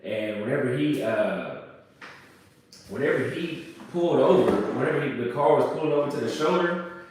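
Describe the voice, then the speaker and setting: A man from the United States casually telling a travel story, swearing and acting out shouted quotes. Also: medium pitch, animated, moderate pace, a little hiss or hum. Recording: very echoey room, voice from far off.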